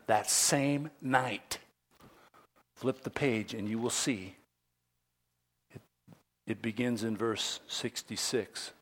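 A man pastor preaching a sermon, dramatic, dropping to whispers and rising to loud emphasis. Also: medium pitch.

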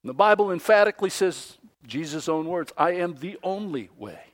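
A man preaching a sermon, acting out the voices he quotes and swinging between loud outbursts and hushed asides. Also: high-pitched, animated, moderate pace. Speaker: pastor.

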